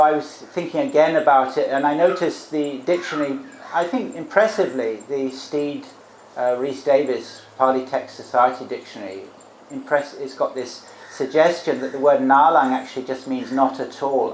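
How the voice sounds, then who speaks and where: A man giving a Buddhist Dhamma talk as a monk teacher, reflective, explaining terms and adding rhetorical tag questions. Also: mid-range voice. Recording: roomy echo, faint background noise.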